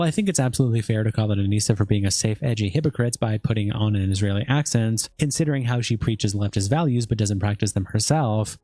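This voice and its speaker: Man, recap narrator, reads posts aloud, fast, dry close sound. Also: mid-range voice, no echo. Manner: brisk, even reading of quoted posts.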